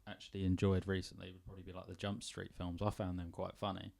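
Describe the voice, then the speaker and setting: Man, podcast co-host, quick rambling speech, dark mellow tone. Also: low-pitched, completely flat delivery, vocal fry. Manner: rapid, rambling, self-deprecating, swears casually. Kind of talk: casual film review chat.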